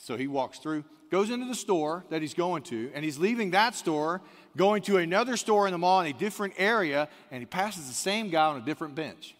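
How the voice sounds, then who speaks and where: A man's voice: on the high side, expressive, brisk, a bit bright. A man preaching a sermon, telling a story in a conversational way and calling out to the congregation. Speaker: pastor. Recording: long hall reverb.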